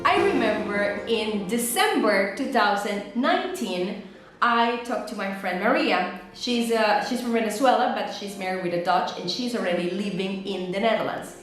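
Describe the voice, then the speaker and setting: A woman, telling a storytime vlog and acting out quotes with dramatic jumps in pitch. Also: normal speed. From Mexico. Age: 30s. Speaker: vlogger. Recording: very echoey room, faint music.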